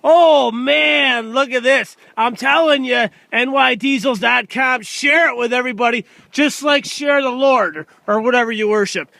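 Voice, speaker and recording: A man giving a loud, excitable, folksy sales pitch outdoors while walking around a truck for sale. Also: moderate pace, gravelly, hardly any pauses, dry recording. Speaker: used truck dealer. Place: outdoors by a truck in freezing cold. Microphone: handheld camera filmed by a helper.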